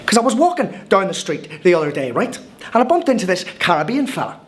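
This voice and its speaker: A man's voice: high voice, sing-song, fast, slight background noise. An actor with an Irish accent playing a cheerful, wide-eyed newcomer in a scripted comic film monologue. He tells his story in a chatty, wry way, with hesitant restarts. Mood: wry storytelling. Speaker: monologue narrator.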